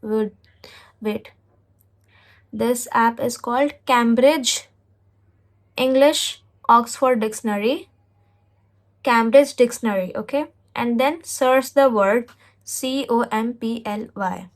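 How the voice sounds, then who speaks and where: Speaking slowly in a slightly high voice, this English learning host presents a relaxed tutorial vlog, spelling words and modeling pronunciation. She reassures viewers and frequently fixes herself mid-sentence. The audio is poor.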